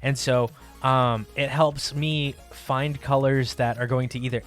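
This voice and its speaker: A man's voice: mid-range voice, unhurried. A man chatting casually as he streams his drawing, rambling with lots of fillers and easy laughs. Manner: relaxed and rambling, many fillers, laughs often. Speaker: live art streamer. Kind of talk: casual chat while drawing. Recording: faint music behind the voice.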